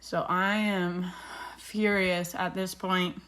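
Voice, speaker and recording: A woman's voice: lowish voice, level tone, slow, fairly bright tone, clear, resonant tone. A woman in her thirties, a beauty vlogger, chatting casually and retelling a dispute with indignation while doing her makeup.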